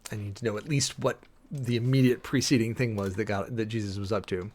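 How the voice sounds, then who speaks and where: A man's voice: on the low side, steady tone, brisk, darkish tone, slight background noise. A man preparing a sermon, reading scripture aloud and thinking it through in a rambling, self-interrupting way. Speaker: preacher.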